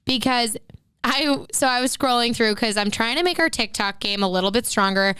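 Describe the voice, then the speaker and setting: A woman's voice: fairly high pitch, moderate pace, sharp tone, clean tone, dry recording. A woman co-hosting a podcast in casual chat, bubbly and laughing often. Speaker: podcast co-host. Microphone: studio podcast mic.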